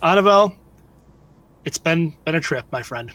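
A man playing in a tabletop game, joking and talking quickly in casual banter. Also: on the high side, expressive, fairly bright tone. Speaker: player.

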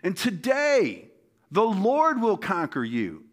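A man's voice: high-pitched, huge pitch swings, slow pace, pitched above the performer's own voice, exaggerated voice. A man voicing a young, fearless warrior who boldly declares his faith to his enemy. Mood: defiant. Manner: bold, declaring.

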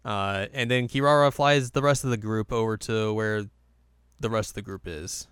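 A man co-hosting a casual chat, recapping episodes in a playful way with quick silly voices. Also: lowish voice, fairly even intonation, a bit bright, clean tone, dry recording, studio quality. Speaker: podcast co-host recapping an anime.

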